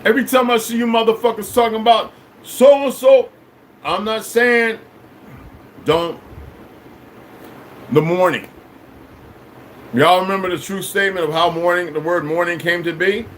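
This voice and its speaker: A man with a fairly high-pitched voice pours out a combative, profane monologue. He swings from low mutters to outright shouting and keeps stumbling over repeated words. Faint background noise sits under him. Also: a little slow, long pauses. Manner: many restarts and repeated words. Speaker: vlogger.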